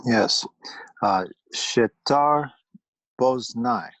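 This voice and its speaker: A man student in an online class, reading out slowly and deliberately over a video call. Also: mid-range voice, a bit bright, dry recording, rough recording. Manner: slow and deliberate.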